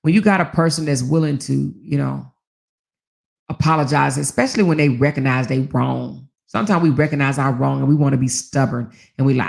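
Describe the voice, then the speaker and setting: Speaking briskly in a bass, creaky voice, this woman hosts a laid-back talk channel. She tells stories to viewers with lots of energy, frequent laughter and offhand swearing, and performs the lines she quotes.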